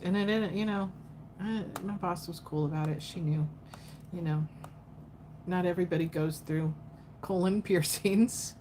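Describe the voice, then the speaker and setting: A woman with a lowish voice doing a relaxed livestream tarot reading and chatting with her viewers between cards. She sounds tired after hours of talking, and she laughs easily. A faint hiss of noise sits under her voice. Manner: chatty, laughing, talks to chat. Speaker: tarot reader.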